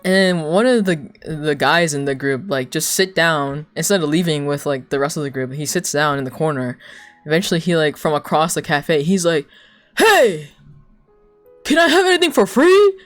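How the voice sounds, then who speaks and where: A young adult livestreamer telling a long story to chat in a loose, casual way, full of "like", swearing and laughter, with quoted people acted out in sudden jumps of pitch. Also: normal speed, soft background music. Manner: rambling, heavy use of "like", swears, laughs between lines.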